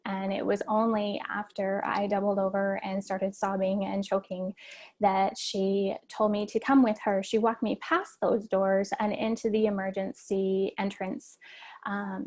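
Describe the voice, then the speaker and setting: A woman's voice: mid-range voice, darkish tone. A woman giving an interview, earnestly and steadily retelling a distressing personal experience.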